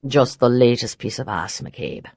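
A woman voicing a cold, commanding grown man who speaks tersely and low. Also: lively intonation, unhurried, a little mellow, dry recording, clean studio sound, full character voice. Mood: dismissive.

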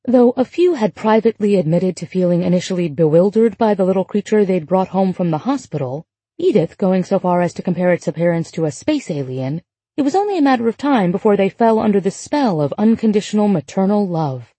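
Female audiobook narrator, husky and mellow, measured delivery, dry close recording. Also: medium pitch, animated, no room sound. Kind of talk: scripted narration.

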